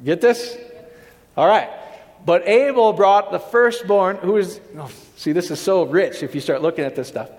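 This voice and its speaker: A man's voice: high voice, moderate pace, darkish tone. Man preaching with lots of hall reverb. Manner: conversational, checks in with the audience. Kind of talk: sermon.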